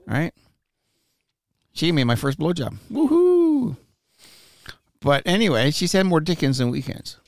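A man's voice: a little high, moderate pace, gravelly, long pauses, dry recording, clean studio sound. A man from Newfoundland hosting a podcast, crude, joking and rambling in casual chat. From Newfoundland, Canada. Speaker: podcast host.

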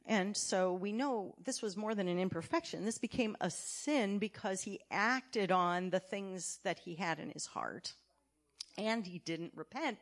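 A woman church elder preaching a sermon, emphatic, asking her congregation many questions and swinging between loud and quiet. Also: medium pitch. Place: church sanctuary.

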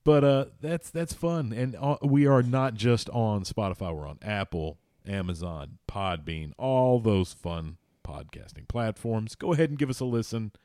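A man's voice: on the low side, measured pace, hardly any pauses, warm tone, no echo, clean studio sound. A man co-hosting a casual sports podcast, loose and rambling, swearing freely. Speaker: podcast co-host.

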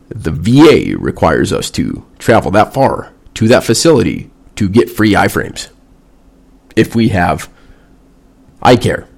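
A man's voice: on the low side, a little mellow. A man, a veteran vlogger, delivering a blunt, sarcastic and heavily profane casual rant.

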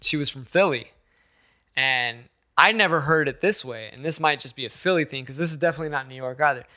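A man's voice: medium pitch, fast talker, pushed and bright. A man in casual chat who swears freely and teases the others. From western United States. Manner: swearing, joking, teasing.

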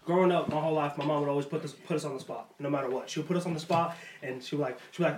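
A young man hosting a podcast, telling a story in a lively, casual way and laughing often. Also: a little high, quick pace. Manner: animated, laughs often while telling stories. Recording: echoey room with faint noise.

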